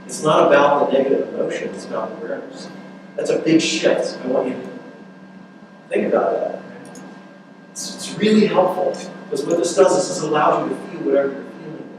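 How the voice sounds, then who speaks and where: A man's voice: a little high, fairly quick. Earnest man speaking in an echoey room. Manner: conversational, earnest, many fillers and restarts. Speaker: workshop speaker. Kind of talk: relationship workshop talk. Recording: echoey room, mic far off, noisy.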